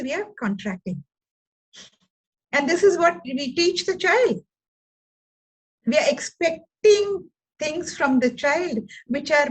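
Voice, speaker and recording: A woman's voice: sits high, breathy edge, rough recording. An older woman gives a motivational talk as an educator and counselor, acting out little dialogues as she tells stories. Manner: animated storyteller, acts out dialogues. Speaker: special needs educator and counselor.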